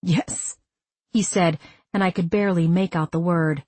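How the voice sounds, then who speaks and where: Husky woman reading a story. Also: fairly low pitch, fairly even intonation, brisk, darkish tone, dry recording. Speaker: audiobook narrator. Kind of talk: first-person scripted narration.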